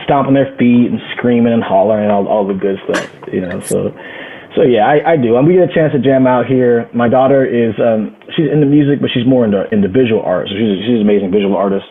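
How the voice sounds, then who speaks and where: A man's voice: medium pitch, fast, a little hiss or hum. An American man, a musician guest in a casual interview, rambling and laughing with many restarts, heard over a video call. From United States. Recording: tinny phone-like line.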